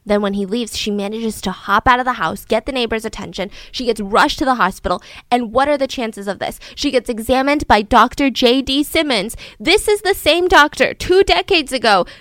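Woman, true crime storyteller, chatty and animated, slightly high voice, dry close sound. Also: normal speed, hardly any pauses, no echo. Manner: chatty, animated, acts out quotes.

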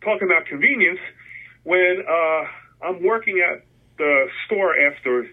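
Husky middle-aged man over a phone line. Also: fairly high pitch, unhurried. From New Jersey, USA. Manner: rambling, many restarts, animated when quoting himself. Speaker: guest, concert photographer. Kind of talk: casual storytelling interview.

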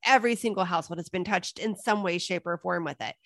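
A woman's voice: on the low side, fast, gravelly, a bit bright, dry recording, studio quality. A woman co-hosting a podcast interview, explaining in a thoughtful way. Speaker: podcast co-host. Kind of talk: casual interview chat.

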